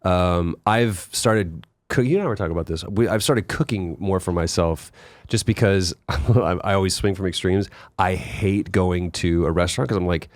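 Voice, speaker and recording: A man guest on a podcast, chatting casually as an animated storyteller who swears freely. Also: low voice, normal speed, dry recording. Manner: animated storyteller, acting out other people's lines, swears freely. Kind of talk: casual chat.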